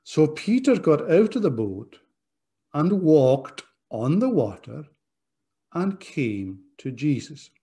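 A man's voice: on the high side, sing-song, slow, mellow. A man preaching a sermon as pastor, earnest and direct, appealing to his listeners. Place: church.

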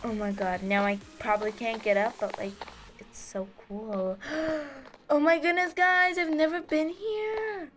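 A woman giving casual, excitable gameplay commentary as host of her gaming channel, giggling and squealing with delight. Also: high voice, unhurried, soft background music.

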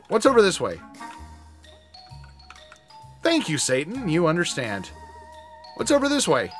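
A man giving comedic gameplay commentary, animated and shouty, slipping in and out of put-on voices. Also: a little high, measured pace, pauses often, faint music behind. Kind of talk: comedic let's play commentary.

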